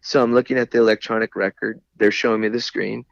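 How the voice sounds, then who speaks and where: A man's voice: on the low side, steady tone, quick pace, gravelly, no echo. A man, a veteran podcast guest, telling a story in a rambling, casual way, with lots of "you know" and some laughs. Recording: dull, dry lo-fi recording.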